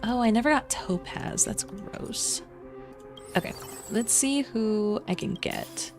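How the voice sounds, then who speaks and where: A woman with a voice on the high side speaks slowly as she streams as a virtual singer and gacha player. Chatting playfully with her chat while she plays, she hums and laughs along, with background music behind her casual gaming talk.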